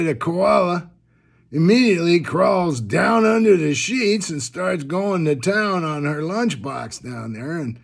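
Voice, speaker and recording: Slow, gravelly man telling a joke. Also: fairly high pitch. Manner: drawling, unhurried storytelling. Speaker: joke teller.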